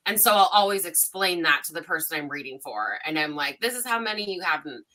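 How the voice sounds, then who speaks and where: A woman's voice: sits low, quick pace. A woman psychic medium telling stories casually on a livestream panel, acting out dialogue in a rising voice. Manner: animated, acts out dialogue with rising voice.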